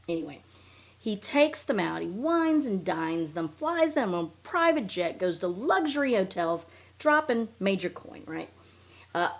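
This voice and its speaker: Sarcastic, foul-mouthed woman podcast host. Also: fairly low pitch. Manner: profane and sarcastic; incredulous, animated storytelling. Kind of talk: casual commentary.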